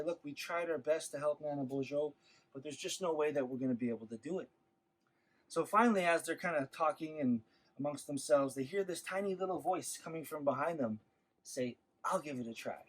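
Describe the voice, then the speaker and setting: A man telling a traditional legend to schoolchildren in an animated, expressive way. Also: a little high, low-quality recording. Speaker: storyteller.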